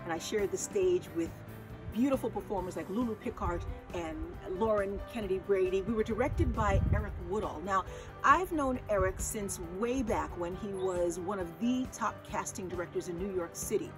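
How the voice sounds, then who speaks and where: A woman's voice: medium pitch, normal speed. A woman stage performer making an earnest, direct fundraising appeal. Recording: clear music bed. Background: music.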